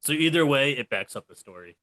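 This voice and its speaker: A man playing a character in an online tabletop game, teasing in a deadpan way. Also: mid-range voice, brisk, no room sound. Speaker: player.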